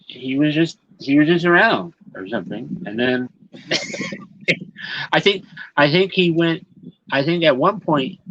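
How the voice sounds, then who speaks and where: Slow, bright-voiced man, lively. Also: medium pitch, slightly rough. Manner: unhurried, hesitant, many fillers. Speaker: co-host. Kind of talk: casual comic-book chat. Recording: dull, slightly noisy audio.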